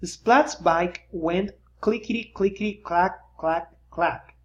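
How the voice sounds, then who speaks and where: A reader narrating a children's picture book aloud, with lively storytelling and pointing asides. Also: medium pitch, slow pace, muffled recording.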